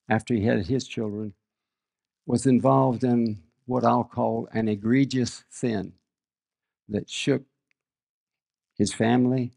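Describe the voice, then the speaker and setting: A man's voice: medium pitch, gravelly, a little mellow. An older man preaching a sermon, reading scripture aloud and telling earnest stories about his own family. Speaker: guest preacher. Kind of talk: sermon with personal storytelling.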